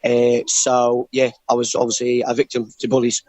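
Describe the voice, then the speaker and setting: A man's voice: mid-range voice, monotone, normal speed, darkish tone, no room sound, low-quality recording. A young man from Scotland with a Scottish accent mixed with the English Midlands, earnestly telling his story as a guest over a remote call, with lots of "uh". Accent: Scottish with some English Midlands mix. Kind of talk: interview answering, telling his life story.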